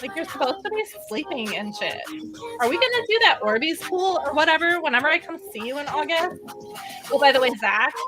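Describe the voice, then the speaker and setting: Lively high-voiced young woman streamer. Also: brisk, over music. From United States. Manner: animated, playful and swearing, with sudden squeals. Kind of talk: casual live-stream chat.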